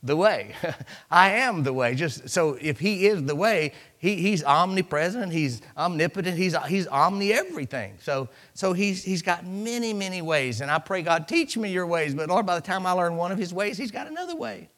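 A man preaching to his church, his voice sitting a touch high for a man. He talks to the congregation in a loose, chatty way, acting out little scenes and calling out hallelujahs as he goes. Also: expressive, moderate pace, fairly bright tone. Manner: preachy, conversational, with acted-out asides and hallelujahs. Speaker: pastor. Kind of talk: sermon.

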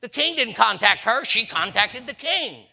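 Bright-voiced folksy preacher. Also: male voice, very high voice, very animated, moderate pace, gravelly. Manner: folksy storytelling, acts out voices, rising to shouts. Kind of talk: sermon.

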